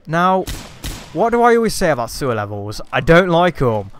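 A man's voice: fairly high pitch, very animated, normal speed, long pauses. A man giving chatty, sarcastic gameplay commentary, taunting enemies as he goes. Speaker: let's play host.

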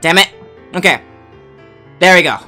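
Excitable young-sounding gaming streamer guy. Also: high-pitched, moderate pace, music in the background. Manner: excitable, swears, laughs, jumps between rage and chat. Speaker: streamer host. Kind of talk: casual gaming livestream chat. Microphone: headset.

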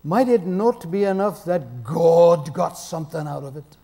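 A man putting on a Scottish brogue to voice an elderly Scottish preacher with a measured, gently scolding manner. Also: on the high side. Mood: gently reproving. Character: elderly Scottish male preacher, dry and wry.

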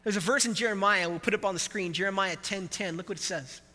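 A man preaching a sermon as pastor to a live congregation, animated and emphatic, quizzing the church. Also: high-pitched, fast, in a large hall.

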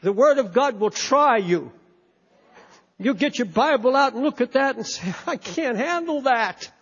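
Preacher, male, very high voice, fervent sermon delivery, dull lo-fi hall recording. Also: expressive, moderate pace, fairly bright tone, slightly rough. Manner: impassioned, emphatic, repeats words. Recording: echoey hall, dull lo-fi sound.

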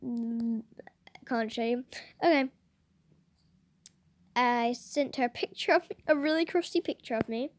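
A woman's voice: fairly high pitch, a little slow, pauses often, no echo. A woman hosting her channel, reading out family group chat messages in a giggly, chatty way. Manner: giggly, chatty read-aloud with bursts of laughter. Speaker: channel host.

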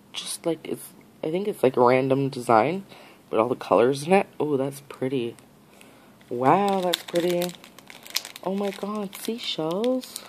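A woman in a casual unboxing vlog, gushing and excitable, full of gasps and exclamations. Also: deep voice, a little hiss or hum, rough recording. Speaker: nail art vlogger.

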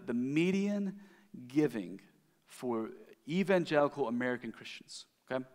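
A man preaching a sermon in a church, his voice a touch higher than most men's. He tells a story in a loose, conversational way, often restarting his sentences. Long reverb from the church hangs on every word. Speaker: pastor. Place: church sanctuary.

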